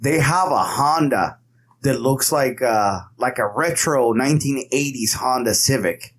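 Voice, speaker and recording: A man's voice: mid-range voice, unhurried, fairly bright tone, slight background noise. A man chatting casually on a podcast, laid-back and swearing casually. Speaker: podcast co-host. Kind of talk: casual chat.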